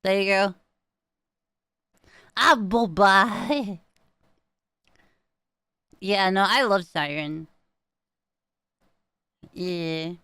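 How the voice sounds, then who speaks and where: A woman's voice: mid-range voice, very slow, long pauses, sharp tone, clear, resonant tone, no room sound, studio quality. A young woman streaming, chatting casually with her viewers, giggling often and swearing freely. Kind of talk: casual chat.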